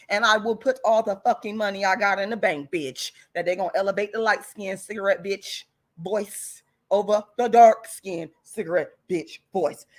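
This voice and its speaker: Addressing her viewers directly, a woman who hosts her own channel launches into a heated, foul-mouthed rant. She's blunt and defiant, hammering her points with anger and insulting people again and again, all in a mid-range voice.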